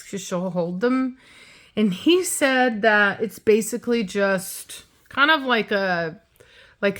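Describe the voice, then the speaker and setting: A woman in her late thirties speaks in a loose, unscripted vlog style. She restarts her sentences, leans on fillers, and sounds candid. Her voice sits at a middling pitch for a woman. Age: late 30s. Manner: coos in a high, soft baby-talk voice to her bird. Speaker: vlogger and pet bird owner. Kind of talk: casual vlog chat.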